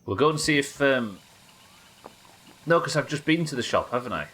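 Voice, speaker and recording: A man's voice: mid-range voice, big pitch swings, moderate pace, a bit bright. A man chatting casually and joking while he plays a game on a live stream. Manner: chatty, joking, swears freely. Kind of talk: casual gameplay commentary.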